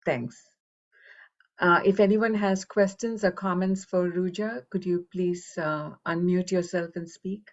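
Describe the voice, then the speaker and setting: A woman's voice: lowish voice, fairly even intonation, a little slow, highs cut off. A woman moderating an online event, politely asking a speaker to share a link and inviting questions.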